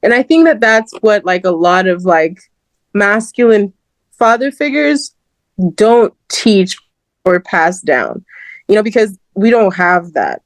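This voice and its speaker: A young woman chatting on a podcast, lively and quick to laugh, with "like" in nearly every sentence. Her voice sits at an ordinary middle pitch. The sound is close and dry, with no room around it. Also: no echo. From Southern California. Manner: animated, laughs often, heavy use of "like". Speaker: guest host. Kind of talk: casual podcast chat.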